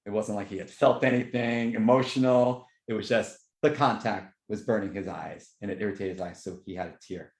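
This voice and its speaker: A man hosting a podcast, telling movie stories in a rambling, excitable way. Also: brisk, hardly any pauses, roomy sound. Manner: rambling, excitable storytelling with lively jumps in pitch. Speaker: podcast host. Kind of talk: casual chat.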